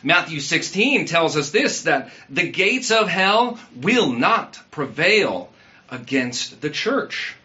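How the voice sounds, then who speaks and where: A man's voice: on the high side, big pitch swings, slow pace, pushed and bright, lo-fi sound. A man preaching a sermon in a conversational way, asking the congregation questions and using everyday fillers. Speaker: pastor.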